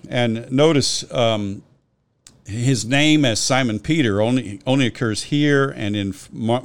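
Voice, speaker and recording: A man discussing a Bible passage in a conversational podcast, explaining in a scholarly way and citing chapter and verse, with frequent restarts. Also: fairly low pitch.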